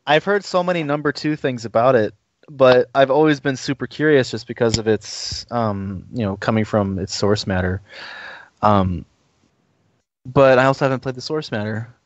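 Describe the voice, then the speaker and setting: A man's voice: mid-range voice, moderate pace, a little hiss or hum. A man on a casual podcast debate panel, reasoning aloud in a thoughtful, hedging way with fillers. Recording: dry, muffled lo-fi stream audio.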